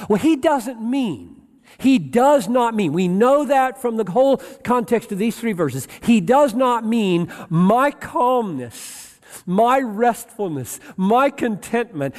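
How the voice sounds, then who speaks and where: A man preaching a sermon, emphatic, repeating key phrases and quoting scripture. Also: extremely high pitch. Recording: long reverb of a large hall.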